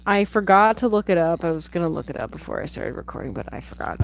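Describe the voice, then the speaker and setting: With a lowish, creaky voice, this woman talks fast and animatedly as she hosts a film-review livestream from home. She rambles, digresses, and swears freely, and the audio quality is poor.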